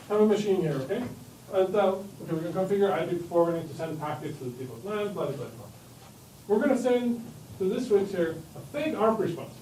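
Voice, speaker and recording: Male lecturer, high voice, playful, acts out devices, echoey hall, distant mic. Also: slight background noise. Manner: lively and joking, acts out devices in quick quoted voices. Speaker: university lecturer. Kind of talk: classroom lecture.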